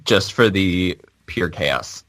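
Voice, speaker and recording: A man's voice: sits low, expressive, slow pace, fairly bright tone, no room sound. A man hosting a casual podcast chat, hesitant and full of fillers as he leads the talk. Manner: hesitant, many fillers and restarts. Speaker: podcast host.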